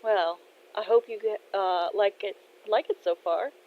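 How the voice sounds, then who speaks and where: A woman voicing a kind, modest male shop owner who speaks calmly and reassuringly in a spoken fan story. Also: medium pitch, unhurried, lightly acted. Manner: calm, reassuring. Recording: dull lo-fi recording.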